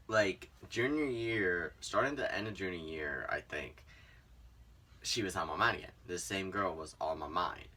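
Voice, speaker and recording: A man's voice: low voice, far from the mic. A young man casually telling a personal story on his vlog, rambling with lots of fillers. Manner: rambling, many "like" and "um" fillers, lively swings in loudness. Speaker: vlogger.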